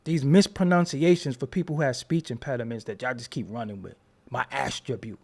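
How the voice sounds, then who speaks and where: A man's voice: mid-range voice, a little fast, creaky. A man hosting his own show, talking in a joking, rambling commentary style. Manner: animated, joking, rambling storyteller. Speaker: show host. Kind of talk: casual commentary monologue.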